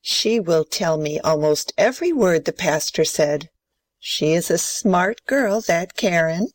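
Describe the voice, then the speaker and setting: A woman's voice: on the low side, animated, measured pace, no room sound. A woman playing a strict, proper old grandmother who scolds sternly. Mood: prim. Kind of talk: amateur play reading.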